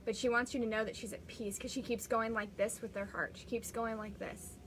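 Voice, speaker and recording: A woman's voice: fairly high pitch, fairly even intonation, fairly quick, noisy background. Chatty woman psychic medium. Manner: rambling, chatty, restarts often. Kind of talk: live-streamed spiritual reading.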